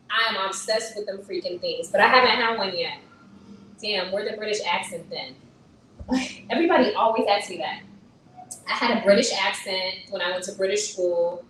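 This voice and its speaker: Animated woman live-streaming in an echoey room. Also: medium pitch, normal speed. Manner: animated, emphatic, talks back to commenters. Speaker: vlogger answering live chat. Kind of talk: casual live-stream chat. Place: indoor room on vacation. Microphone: phone on a gimbal. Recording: echoey room, far from mic, noisy.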